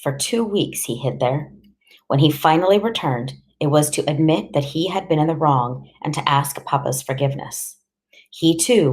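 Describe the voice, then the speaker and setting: Low-voiced woman reading an audiobook. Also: darkish tone. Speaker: audiobook reader. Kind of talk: scripted narration.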